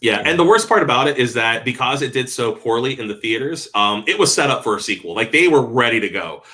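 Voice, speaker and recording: A man's voice: medium pitch, quick pace. A man hosting a casual panel discussion about old movies, talking with eager enthusiasm. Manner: enthusiastic, animated storyteller. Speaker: panel host.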